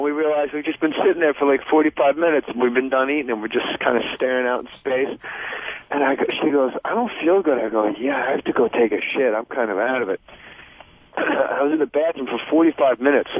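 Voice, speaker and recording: Rambling man on a tinny phone line. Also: mid-range voice. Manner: rambling, animated storyteller. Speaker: phone-in guest. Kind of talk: casual storytelling on a call-in.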